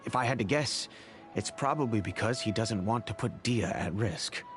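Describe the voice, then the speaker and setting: A man voicing a wealthy, kindly middle-aged father in game cutscene dialogue, telling the past in a measured, reflective way. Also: lowish voice, natural voice. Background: game music.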